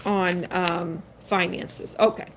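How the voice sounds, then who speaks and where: A woman's voice: lowish voice, fairly even intonation, slow pace, a bit bright, a little hiss or hum. A woman doing a live-stream tarot reading. She is blunt and sassy and speaks straight to her viewers. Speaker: tarot card reader.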